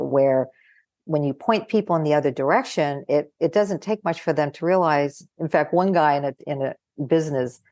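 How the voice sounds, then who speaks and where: An older woman psychologist chatting over a video call, telling animated stories, acting out quoted voices and laughing often. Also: sits low, no echo, studio quality. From California. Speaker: guest psychologist. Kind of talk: casual conversation.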